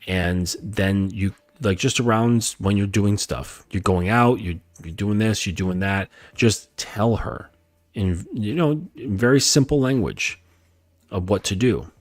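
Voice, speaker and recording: A male dating coach giving a calm, emphatic coaching talk, repeating his points and often checking in with "okay?". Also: fairly low pitch, unhurried, no echo. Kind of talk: lecture-style coaching talk.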